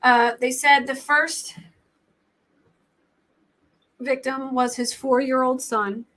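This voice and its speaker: A woman's voice: high-pitched, flat delivery, fairly bright tone. Flustered, chatty woman livestream host. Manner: rambling, flustered, quick to laugh. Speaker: true crime livestream host. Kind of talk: casual livestream chat.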